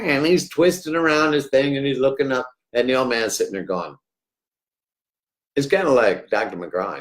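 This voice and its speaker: A middle-aged man hosting a rambling livestream, jokey and swinging between loud outbursts and hushed asides. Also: medium pitch, expressive, moderate pace. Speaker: livestream host.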